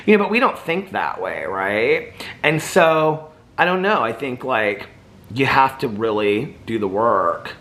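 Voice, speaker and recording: A man's voice: medium pitch, sing-song, a little slow, sharp tone. A man vlogger in casual, reflective chat, rambling with lots of "like" and "you know".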